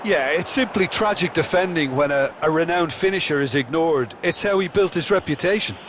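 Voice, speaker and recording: A man voicing a seasoned male football colour commentator in a video game, explaining the play in a steady, thoughtful way. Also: fairly high pitch, fairly quick, a little hiss or hum, close to an everyday voice. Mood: analytical. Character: seasoned male football pundit, calm and analytical. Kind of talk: scripted video game match analysis.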